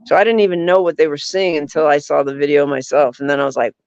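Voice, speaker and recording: Rambling man, smooth voice, lo-fi sound. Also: on the high side, steady tone, fast talker, hardly any pauses, dry recording. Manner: rambling, full of "like" and "you know". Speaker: podcast guest, paranormal investigator. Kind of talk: casual chat. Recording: dull, lo-fi, dry.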